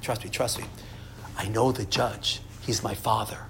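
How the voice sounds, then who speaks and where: A man in whispered role-play, voicing a calm, kindly man who quietly reassures a frightened person. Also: on the low side, a little slow, vocal fry, reverberant, very noisy, pitched below the performer's own voice. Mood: reassuring. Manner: soft, hushed, soothing reassurance.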